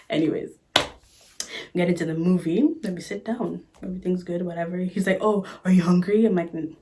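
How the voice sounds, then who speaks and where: A woman's voice: on the low side, steady tone, brisk, mellow. A woman vlogger telling a story in a casual chat, sassy and exasperated, recorded on a phone camera.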